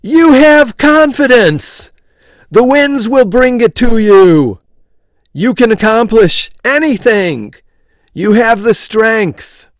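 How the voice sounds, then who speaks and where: A harried man on the edge of cracking in a read-aloud story, voiced by the male narrator. His voice is gravelly and swings widely, tense and strained. It is recorded close and dry. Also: medium pitch, big pitch swings, unhurried, dry recording, voice pushed up, full character voice. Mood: shouting.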